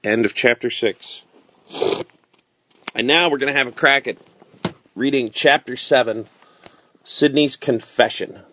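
Calm man reading a bedtime story. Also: mid-range voice, a little slow, long pauses.

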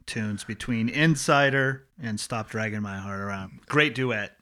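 A man's voice: on the low side, a little slow, pushed and bright. A man co-hosting a podcast, chatting casually with brief, agreeable interjections and dry quips. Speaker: podcast co-host. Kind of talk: casual chat.

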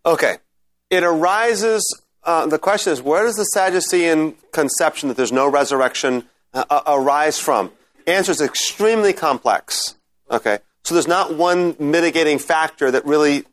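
Male scripture lecturer, a bit high-voiced, conversational, takes class questions. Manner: conversational, checks in with "right?"; reads scripture aloud, then explains. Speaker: Bible teacher. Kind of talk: informal lecture with Q&A.

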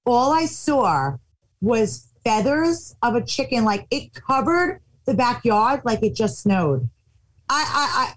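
A woman's voice: high voice, rough recording. A woman telling a funny anecdote in casual chat, acting out the voices of the people in it. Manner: animated, acts out quotes.

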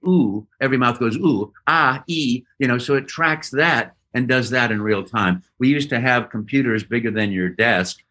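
Brief: male voice actor guest, bright ringing tone, animated storyteller, jumps into quoted voices. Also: moderate pace, few pauses. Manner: lively anecdotal storyteller who jumps into high quoted voices. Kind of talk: casual interview storytelling.

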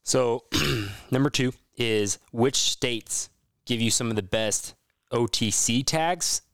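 A man hosting a podcast in casual chat, relaxed and leaning on lots of fillers. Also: mid-range voice, slow pace, clean tone, no room sound, studio quality. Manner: relaxed, filler-heavy with frequent "like". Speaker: podcast host.

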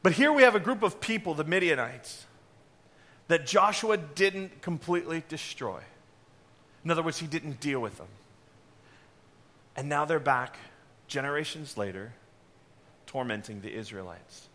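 A man's voice: a little high, expressive, normal speed, pauses often, bright, forceful tone. A man preaching a sermon to his congregation, earnest and direct, with offhand asides. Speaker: pastor.

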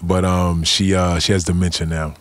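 A man's voice: deep voice, flat delivery, normal speed, a bit bright. A man as a podcast guest, telling a personal story in a laid-back, slangy way full of conversational fillers. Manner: laid-back, slangy, "you know what I'm saying" fillers. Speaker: guest, cannabis company founder. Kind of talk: casual storytelling interview.

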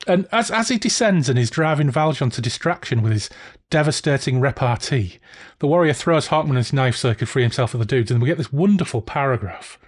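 A man hosting a casual book discussion podcast, animated and jokey, swearing freely. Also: mid-range voice, fairly quick. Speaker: podcast host.

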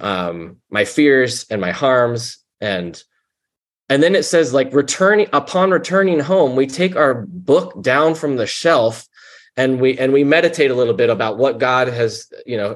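A man giving a candid personal testimony about his own struggles. He rambles and corrects himself often, with plenty of fillers. He turns animated when he quotes himself and drops lower when he reflects. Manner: rambling, self-deprecating, with frequent fillers and restarts. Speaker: person in recovery sharing his story.

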